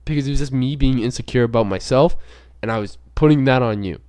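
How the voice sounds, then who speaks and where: A man's voice: mid-range voice, quick pace, a little mellow, smooth. A young man hosting a podcast, talking casually in a rambling, profane way with many filler words. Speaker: podcast host. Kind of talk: casual unscripted monologue.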